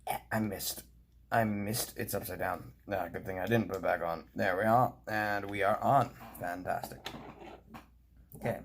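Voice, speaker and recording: A man's voice: sits low, fairly even intonation, moderate pace, slight background noise. A playful young man narrating a casual hobby video, chatting to himself and his model as he works and sometimes dropping to a whisper. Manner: drops into quiet whispers while doing fiddly work.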